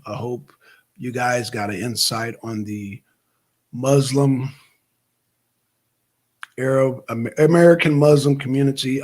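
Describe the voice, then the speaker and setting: A male livestream host talking politics in a blunt, profane, heated way from home. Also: mid-range voice. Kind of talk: political talk stream.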